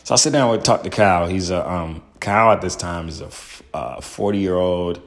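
A man, a stand-up comedian, telling his own story in a loose, profane way full of fillers and "boom". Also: moderate pace. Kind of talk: casual storytelling.

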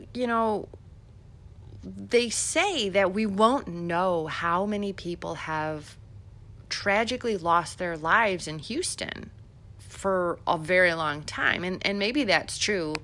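A woman's voice: on the low side, fairly bright tone. A middle-aged woman from Illinois hosting a podcast, giving chatty, sarcastic political commentary with many fillers. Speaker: podcast host.

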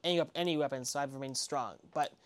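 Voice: medium pitch, fast, smooth, pitched below the performer's own voice, natural voice. A game master voicing an honest woman arms dealer. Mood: earnest. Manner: polite, slightly formal.

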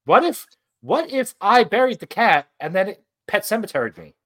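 A man's voice: sits high, sing-song, moderate pace, a bit bright. A young man co-hosting a podcast, rambling through hypotheticals with a lot of "like" in casual chat. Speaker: podcast co-host.

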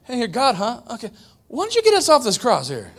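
A man's voice: very high voice, huge pitch swings, a little fast, a bit bright, husky, voice pushed up, exaggerated voice. A preacher voicing a mocking male thief on a cross in a sarcastic, taunting tone.

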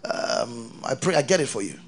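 A man preaching a sermon, reading scripture aloud and keeping on questioning his congregation in an animated way. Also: mid-range voice, moderate pace, soft background music. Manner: reads scripture aloud between explanations.

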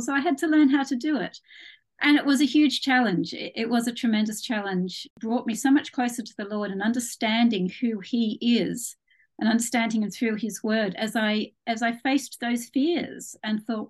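A woman with an Australian accent softened by years in England, answering interview questions about her faith in an earnest, measured way over a call. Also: fairly high pitch. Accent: Australian with some English influence. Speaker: guest author. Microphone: phone or video call from home.

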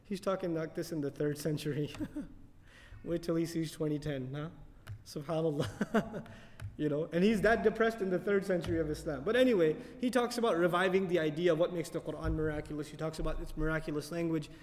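A man giving a tafsir lecture as a Quran teacher, animated and often putting questions to his audience. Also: fairly high pitch, brisk, long reverb tail.

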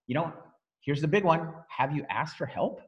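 A man leading a team training call, energetic and emphatic, repeating key phrases for effect. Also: fairly high pitch, normal speed, long reverb tail, muffled recording. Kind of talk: motivational training talk on a call.

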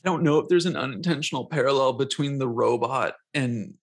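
A man's voice: medium pitch, fairly quick. A man in casual podcast chat about a movie, laughing often and mimicking scenes in silly voices.

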